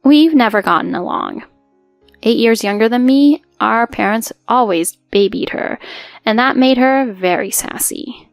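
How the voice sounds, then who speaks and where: A young woman in her twenties narrates a first-person story in an earnest, hurt tone. Her voice sits fairly high and sounds close and dry, with faint music underneath. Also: measured pace, creaky, no room sound. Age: 20s.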